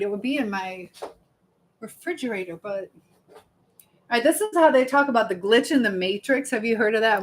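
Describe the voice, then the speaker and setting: Woman host, chatty and easygoing, mid-pitched, reading comments aloud on a home live stream. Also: a bit bright, rough recording. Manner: chatty, reads viewer comments aloud, laughs often. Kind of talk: casual live-stream chat.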